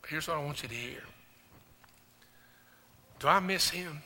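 An older man, a pastor, preaching a sermon, telling a personal story and then rising into loud, impassioned preaching. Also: fairly high pitch, a little slow, pauses often, slight background noise. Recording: reverberant hall with faint music.

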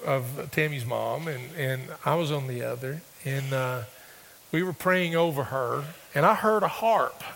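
Man, pastor, somewhat high and gravelly, storytelling sermon with emphatic peaks. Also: big-room sound. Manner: storytelling, rising to emphatic bursts.

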